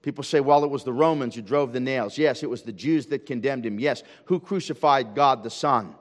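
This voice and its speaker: A man's voice: a little fast, big-room sound. Preacher man with rhetorical questions. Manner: swings from loud emphatic calls to hushed low intensity; asks the congregation rhetorical questions. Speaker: pastor. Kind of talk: sermon. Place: church service.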